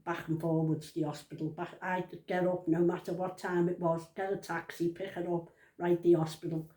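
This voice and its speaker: A woman's voice: on the low side, little pitch movement, moderate pace, dark tone, reverberant. A woman in her seventies, telling a family story at home in a chatty, rambling way, often breaking off and interrupting herself. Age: 70s. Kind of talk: casual storytelling to camera.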